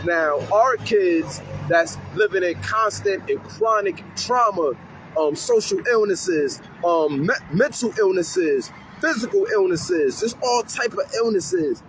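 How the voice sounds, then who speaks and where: A man's voice: sits high, lively intonation, takes it slowly, fairly bright tone, slight background noise, poor audio. A man who works with youth, talking casually and animatedly outdoors on a city street corner, swearing freely and acting out kids' voices. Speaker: community youth worker. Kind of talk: street interview talk.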